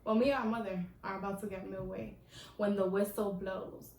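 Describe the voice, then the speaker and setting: A woman's voice: medium pitch, normal speed. Chatty young woman telling stories. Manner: animated, chatty, slangy, laughs at herself. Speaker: vlogger. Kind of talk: casual storytelling. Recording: echoey room, voice from a distance.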